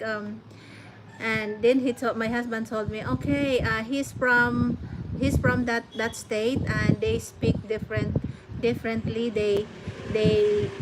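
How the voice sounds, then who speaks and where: A middle-aged woman with a Filipino accent, chatting casually with her viewers, laughing often and restarting her sentences. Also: fairly high pitch. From Philippines. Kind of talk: casual chat. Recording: noisy home recording.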